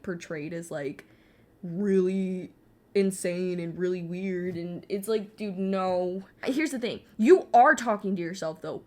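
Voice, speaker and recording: A young woman chatting alone while she paints, rambling and self-mocking, swearing often and now and then breaking into yelling. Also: medium pitch. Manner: frequent swearing and filler "like". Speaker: vlogger. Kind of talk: casual chat while painting. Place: alone at home.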